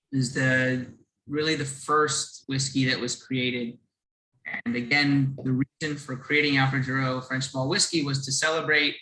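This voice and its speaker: A man's voice: medium pitch, pushed and bright, reverberant, poor audio. A man presenting a whiskey brand on a video call, explaining earnestly, restarting phrases and chuckling now and then.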